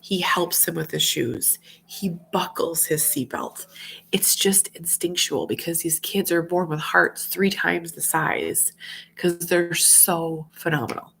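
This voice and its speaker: A mom in her thirties talks heartfelt and rambling to her livestream viewers, with a slight cold. Her voice is low, gravelly and husky. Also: slow pace, fairly bright tone. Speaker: mom vlogger. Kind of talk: casual livestream chat.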